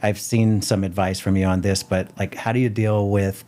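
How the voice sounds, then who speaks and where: A man hosts a podcast interview. He asks questions and tells his own anecdotes in an easy, conversational way, with many "you know"s. His voice sits fairly low. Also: flat delivery, normal speed, mellow. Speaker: podcast host. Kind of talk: casual interview.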